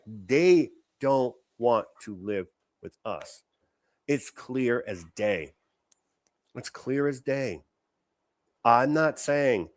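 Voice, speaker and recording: A man's voice: mid-range voice, lively intonation, slow, long pauses. A man hosting a political commentary show, talking in a sarcastic, indignant, conversational way. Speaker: show host.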